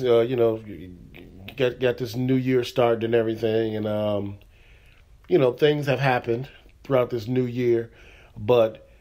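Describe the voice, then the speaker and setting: This is a solo comedy podcast where the middle-aged host chats casually and loosely, often saying "you know what I'm saying." He has a medium-pitched, slightly mellow voice.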